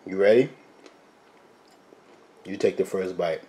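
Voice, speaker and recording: Low-voiced man hosting a cooking vlog. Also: takes it slowly. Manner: chatty, talks straight to viewers as "guys"; quiet and mumbled while cooking, louder when addressing viewers. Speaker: cooking video host. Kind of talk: casual cooking vlog chat.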